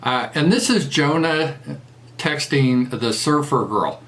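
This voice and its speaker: Southern male commentator, mocking and crude, slightly high-pitched delivery. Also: takes it slowly, a bit bright. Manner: mocking, laughs at his own jokes, crude. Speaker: political commentator. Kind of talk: casual commentary monologue.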